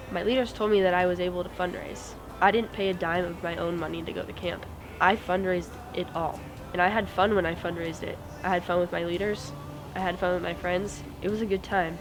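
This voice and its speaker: A teenage girl giving an earnest, steady personal testimony as a student. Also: lowish voice, a little fast, poor audio. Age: teens. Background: music.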